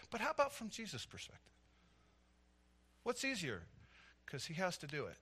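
A middle-aged man preaching a sermon, telling stories with animated energy that swells into loud, emphatic preaching. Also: a little high. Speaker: pastor.

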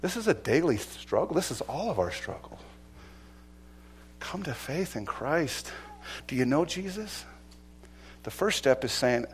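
A middle-aged male pastor preaching a sermon, swinging from loud exhortation to hushed, earnest appeals. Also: mid-range voice, lively intonation, a little slow, long pauses, a little hiss or hum.

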